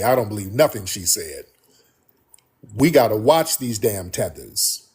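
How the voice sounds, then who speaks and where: Husky man hosting call-in talk. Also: mid-range voice, a little mellow. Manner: preachy, indignant, repeats warnings to listeners. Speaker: radio show host.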